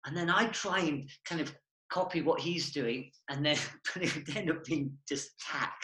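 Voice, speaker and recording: Guy telling old stage stories, jokey, kinda sharp bright tone, echoey room. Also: on the high side, moderate pace. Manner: playful, self-mocking storytelling. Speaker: former stage partner, performer. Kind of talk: casual reminiscing chat.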